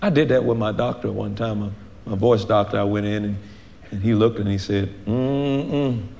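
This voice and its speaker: A man pastor preaching a sermon, animated, acting out little dialogues and laughing often. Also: on the low side, brisk, creaky, slight background noise.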